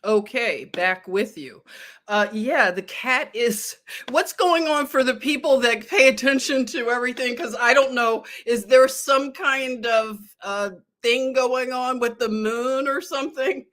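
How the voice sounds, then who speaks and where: A woman hosts a casual live stream, chatting and giggling as she talks straight to her viewers. Her voice sits a little high for a woman. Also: unhurried, a bit bright.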